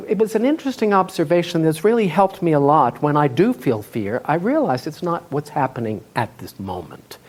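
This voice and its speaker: A man telling a humorous story on stage as a live storytelling performance, in an animated way with laughs in his voice. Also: a little high, slightly rough. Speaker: storyteller, tour guide. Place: festival stage before an audience.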